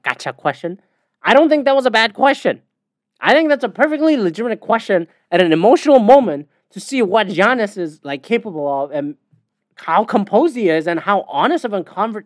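Alone on his podcast, a man from the United States rants casually, getting heated, profane and rambling. The studio-quality recording has no echo, and his voice is high.

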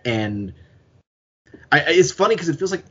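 A man's voice: on the high side, big pitch swings, moderate pace, sharp tone, dull audio. A man co-hosting a podcast, talking casually and rambling as he thinks aloud. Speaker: podcast co-host. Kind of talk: casual chat.

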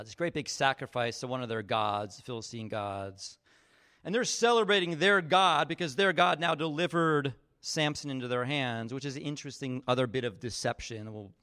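A man with a mid-range, somewhat bright voice preaches informally. He tells stories in a conversational sermon, acting out people's voices and using fillers such as "like" and "you know" in a chatty manner.

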